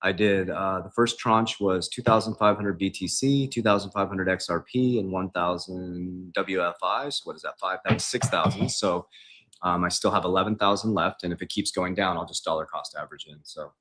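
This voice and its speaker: A man with a deep, low voice hosts a relaxed livestream from his kitchen. He talks loosely and conversationally, often tossing in "man," and reads viewer questions aloud before answering them off the cuff. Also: moderate pace. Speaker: investing coach. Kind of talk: casual livestream Q&A. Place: home kitchen.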